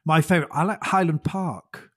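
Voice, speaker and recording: A man with a slightly husky, mid-pitched voice chats easily as a podcast guest. He is self-deprecating and laughs often, stumbling over repeated words. The sound is dry and close. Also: moderate pace, a bit bright, no echo. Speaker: guest, former gamekeeping organisation chairman. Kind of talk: casual podcast chat.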